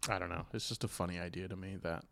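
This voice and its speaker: A man's voice: low voice, fairly even intonation, rapid-fire, gravelly, fairly bright tone. A man co-hosting a comedy podcast, joking in a self-deprecating way and often trailing off mid-thought. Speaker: podcast co-host. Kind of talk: casual comedy podcast banter.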